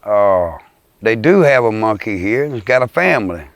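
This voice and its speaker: A man's voice: on the low side, big pitch swings, normal speed, no echo. Earnest Louisiana man, dry close sound. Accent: Louisiana bayou. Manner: earnest, plain-spoken, insistent. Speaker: storyteller interviewee. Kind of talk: casual storytelling in an interview.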